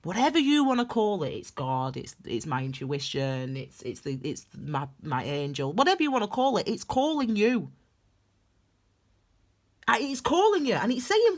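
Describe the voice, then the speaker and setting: A woman's voice: mid-range voice, sing-song, normal speed. A woman giving a tarot reading, talking straight to her viewers in an emphatic, impassioned pep talk. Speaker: tarot reader. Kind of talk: solo tarot reading to camera.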